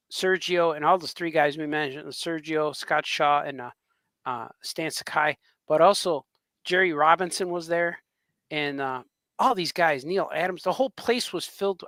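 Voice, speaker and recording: A man, a cartoonist co-hosting a podcast, chatting casually and telling rambling, excitable stories, often laughing as he talks. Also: fairly high pitch, normal speed, dry recording. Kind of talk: casual chat, storytelling.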